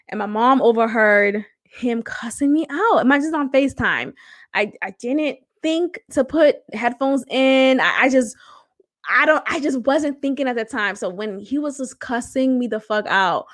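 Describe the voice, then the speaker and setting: A woman's voice: fairly high pitch, moderate pace, dry recording, studio quality. A young woman of Haitian roots, a podcast host telling a personal story in casual, candid talk and swearing freely.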